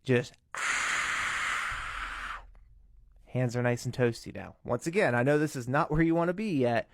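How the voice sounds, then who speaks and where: A man's voice: medium pitch, fairly quick, no echo. Guy walking you thru a tutorial step by step, earnest and careful, dead dry sound. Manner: earnest, cautious, breaks into demo screams and whispers. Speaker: vocal tutorial maker.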